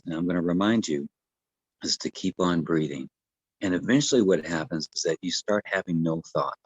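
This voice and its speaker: A man, a breathwork coach, explaining the practice in a gentle, unhurried way with many fillers and restarts. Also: low voice, slightly rough, no room sound. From United States. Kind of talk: casual explanatory talk.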